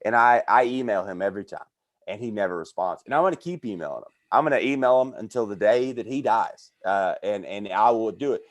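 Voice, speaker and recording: A man's voice: on the low side, brisk. A man, a comedian guest, telling stories about his career in a casual podcast chat, acting out the people he quotes. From American South. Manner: animated storyteller who acts out quoted voices.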